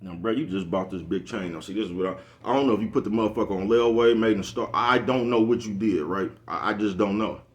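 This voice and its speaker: Man, quick rambling vlog talk, deep voice, laughs at his own jokes. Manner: rambling, repeats "you know what I'm talking about". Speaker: vlogger. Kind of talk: casual monologue.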